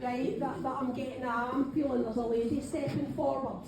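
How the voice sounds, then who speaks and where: A Scottish woman with a high voice gives a live mediumship reading in a pub function room. She chats to the audience and keeps saying "right, okay". The room is very echoey with a faint hum of noise behind her. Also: fairly even intonation, moderate pace. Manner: chatty, keeps saying "right, okay", calls people darling. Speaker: spiritual medium.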